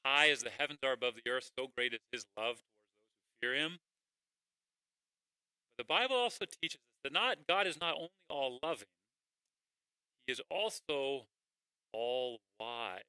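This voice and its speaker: A man's voice: mid-range voice, very animated, moderate pace, long pauses, sharp tone, clean tone, no room sound, low-quality recording. A man preaching a sermon as pastor, conversational, with rhetorical questions and occasional fillers.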